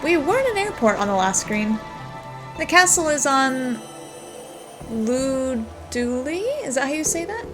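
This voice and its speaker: A woman's voice: high-pitched, sing-song, moderate pace, rough recording. A woman hosting a gameplay video, chatting casually and laughing often as she plays. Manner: chatty, laughs often, reads dialogue aloud. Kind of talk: casual let's play commentary and reading game text. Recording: background music under voice.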